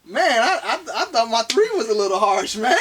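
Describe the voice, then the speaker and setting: A man in his thirties co-hosting a casual movie review podcast, animated and playful, talking fast with lots of restarts. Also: extremely high pitch, distant mic, heavy background noise. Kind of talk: casual chat.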